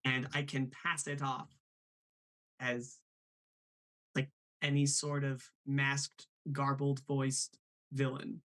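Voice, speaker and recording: A man's voice: mid-range voice, completely flat delivery, fairly bright tone. A man hosting a live show, chatting casually about voice impressions and reading questions from the chat. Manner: chatty, quick asides, reads chat aloud.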